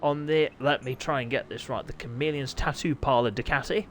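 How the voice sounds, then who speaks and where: A man hosting a sim-racing league stream, commentating and chatting with his riders in a jokey, excitable way that breaks into yelps and laughter. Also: medium pitch, fairly quick, slight background noise. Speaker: race league host and streamer. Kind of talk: live race commentary and chat.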